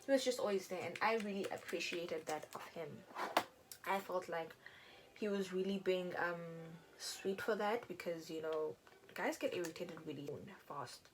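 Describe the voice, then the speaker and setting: A young woman casually telling a personal story while doing her makeup, chatty and animated, acting out what people said. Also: mid-range voice, normal speed, a little hiss or hum, rough recording. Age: young adult. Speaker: beauty vlogger.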